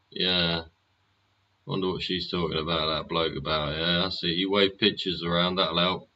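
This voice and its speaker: A man's voice: low-pitched, steady tone, a little slow, pushed and bright, dull audio. A man hosting a live stream, chatting casually and sardonically, swearing often and asking rhetorical questions. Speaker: livestream host.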